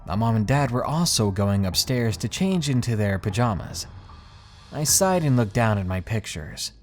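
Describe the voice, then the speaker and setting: A man reading out a creepy first-person story as a scripted narration, with an expressive storytelling delivery. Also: fairly low pitch, moderate pace, soft background music.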